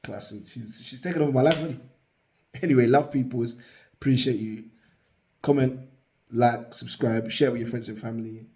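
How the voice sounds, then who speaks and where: A man's voice: mid-range voice, normal speed, husky. Playful young man vlogging. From Britain. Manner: playful, slangy, drops to a hushed murmur beside a sleeping baby. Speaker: vlog host, father. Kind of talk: casual chat to camera. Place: at home.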